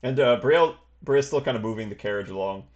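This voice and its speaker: A man's voice: mid-range voice, fast talker, darkish tone, lo-fi sound. Rambling game master, man. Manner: rambling, full of hedges and fillers. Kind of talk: narrating a tabletop game.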